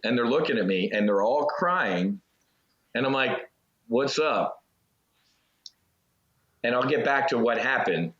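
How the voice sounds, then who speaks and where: A man, a former Navy fighter pilot, telling a personal story as an interview guest in an earnest, halting way with restarts. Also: medium pitch, a bit bright. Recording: roomy, slightly dull audio.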